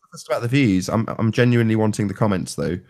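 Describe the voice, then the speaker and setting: A man's voice: lowish voice, quick pace, darkish tone. Laid-back man on a video call. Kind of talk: casual online video call chat.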